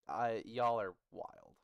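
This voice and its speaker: Smooth-voiced male streamer, unhurried and bantering. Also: lowish voice, no room sound, lo-fi sound. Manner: jokey, bantering with chat, laughs often. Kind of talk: casual livestream teaching about building a language.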